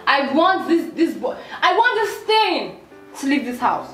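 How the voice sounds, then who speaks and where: A woman playing a hot-tempered young wife in a comedy skit, turning shrill and dramatic when angry. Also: very animated, a little slow, over music. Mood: furious. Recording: echoey room.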